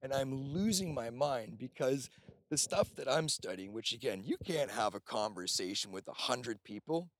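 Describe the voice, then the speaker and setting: A man's voice: medium pitch, expressive, moderate pace, no echo. Man telling rambling stories, dry sound. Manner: rambling storyteller, casual swearing. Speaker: off-grid cabin host. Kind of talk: casual conversation.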